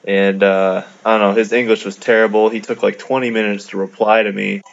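A man from Canada tells a gaming story in a low, gravelly voice that barely rises or falls, amused and loose with his fillers. It sounds like a dull, lo-fi mic recording. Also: level tone, brisk. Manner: laid-back, amused, many fillers. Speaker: gamer narrating a video. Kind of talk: casual storytelling over gameplay.

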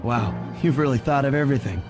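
A man voicing a confident male raccoon master thief in a video game, with a cool, smooth, reassuring way of talking. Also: mid-range voice, fast, lightly acted. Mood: wry. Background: game music.

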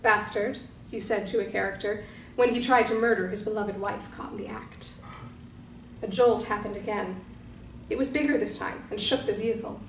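A woman reading a short story aloud in a calm, measured storytelling manner. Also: medium pitch. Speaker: narrator. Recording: roomy distant mic with faint hiss.

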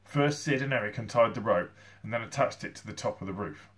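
A male teacher reading a children's novel aloud to his class, with expressive storytelling. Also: on the low side, a little fast. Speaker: primary school teacher.

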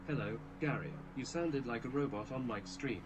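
A male text-to-speech voice reading out viewer comments in a flat, even way that garbles names. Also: mid-range voice, normal speed, background noise.

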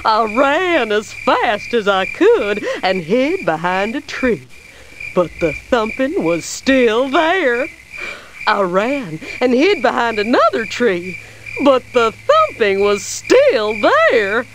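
A woman voicing a timid young beaver who tells a spooky campfire story in a children's game, with lively, expressive storytelling. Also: on the high side, slow, background noise. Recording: night ambience with crickets and frogs.

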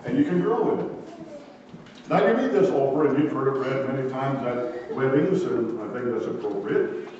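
A man's voice: mid-range voice, expressive, normal speed, a little mellow, slight background noise. A man preaching a sermon in a folksy way, often asking his listeners questions. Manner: folksy, asks the congregation questions. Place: church sanctuary. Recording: echoey hall, distant mic, muffled.

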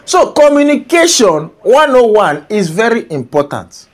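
Animated Nigerian man ranting comically. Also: sits high, unhurried. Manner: animated, scolding, often breaking into laughter. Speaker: comedian commentator. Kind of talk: comedic reaction rant.

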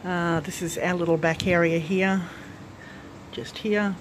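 There's a little hiss or hum under this woman's lowish, unhurried voice, which keeps fairly even intonation. She's a craft channel vlogger who chats and rambles through a handheld-phone tour of her farm lodge unit, inside and on the back porch, correcting herself as she talks.

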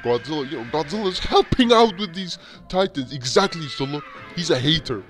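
Hyped young guy reacting to a video, says bro nonstop, slightly high voice, loud music behind. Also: brisk. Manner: excitable, constantly saying bro. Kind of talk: casual reaction commentary.

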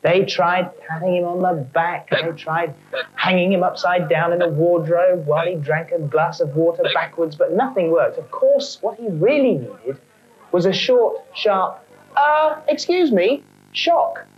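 A woman narrating a children's storybook in a wry, animated way. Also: fairly low pitch, moderate pace, lo-fi sound.

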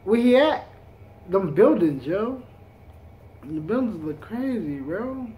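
A man's voice: sits high, sing-song, slow, mellow, slight background noise. A man hosting a reaction video, chatting casually in heavy street slang with a laid-back drawl.

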